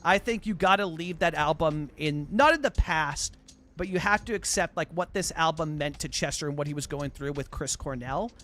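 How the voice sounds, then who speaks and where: A man live streaming, chatting casually with his viewers in an excited, rambling way, full of restarts and fillers. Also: fairly high pitch, normal speed. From Canada. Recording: faint music behind the voice.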